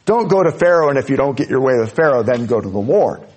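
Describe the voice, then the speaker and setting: A man preaching a sermon, earnest, dropping to soft low asides and rising to loud high peaks. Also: big pitch swings, quick pace. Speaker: pastor.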